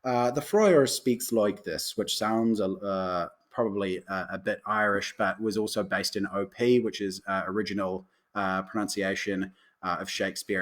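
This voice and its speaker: A man's voice: deep voice, sharp tone. A male actor chatting casually on a live stream from home, answering viewers' questions with frequent fillers.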